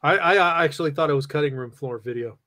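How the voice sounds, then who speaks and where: A man co-hosting a live nerd podcast, joking and animated, often stammering and repeating words. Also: a little high, fast. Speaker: podcast co-host. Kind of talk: casual nerd-news chat.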